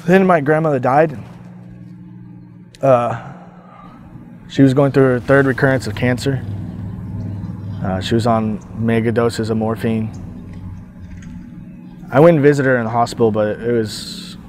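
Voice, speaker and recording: A man with a mid-range voice tells his own story as a survivor. He speaks haltingly, stopping, restarting and reaching for words as he goes. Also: mid-range voice, a little mellow, a little hiss or hum. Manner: halting, hesitant, many fillers and restarts. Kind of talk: personal testimony monologue.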